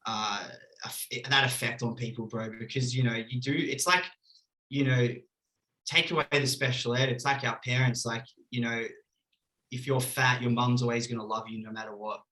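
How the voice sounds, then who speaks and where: A man's voice: mid-range voice, steady tone, moderate pace, sharp tone, poor audio. A young Australian man, a podcast guest on a video call, talking earnestly and candidly, saying "bro" and "like" a lot. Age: young adult. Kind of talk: casual podcast chat over video call.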